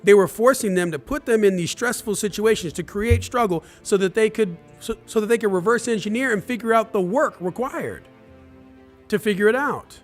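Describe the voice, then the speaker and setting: Guy doing a live hype talk, high voice, keeps hammering the same phrase, faint music under it. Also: normal speed. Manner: emphatic, repeats key phrases; addresses viewers directly. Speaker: motivational speaker.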